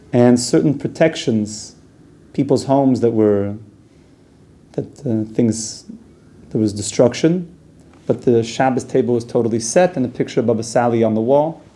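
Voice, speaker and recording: A yeshiva teacher with a medium-pitched, dark-toned voice gives a casual, conversational Torah class. He sprinkles Hebrew and Yiddish terms into his plain talk.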